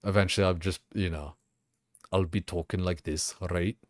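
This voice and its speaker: Young man, low voice, rambling casual stream chat, lots of swearing, dry close mic. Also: fairly even intonation, normal speed, no room sound. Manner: rambling, swears a lot, many fillers.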